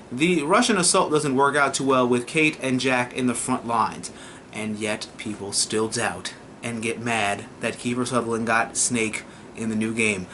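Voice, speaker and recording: A young man casually reviewing a TV episode, excitable and profane, often slipping into mocking voices. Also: mid-range voice, slight background noise. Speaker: TV review vlogger.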